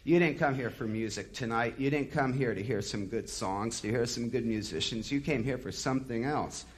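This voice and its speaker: A man's voice: mid-range voice, normal speed, lightly acted. Drunk male rock singer in a rage, bellowing scorn at the crowd, as a male storyteller puts him on. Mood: raging. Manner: bellowing, contemptuous.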